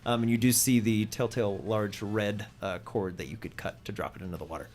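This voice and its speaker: A man narrating a tabletop game as its game master, easygoing and rambling with lots of fillers. He jumps into loud voices for the people in the scene. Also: lowish voice, brisk. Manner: relaxed, filler-heavy narration with sudden shouted character voices.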